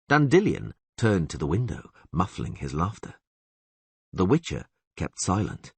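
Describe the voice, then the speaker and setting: Male narrator, low and husky, dry close read, lively delivery. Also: no echo. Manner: low, measured storytelling. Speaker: audiobook narrator. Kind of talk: scripted narration.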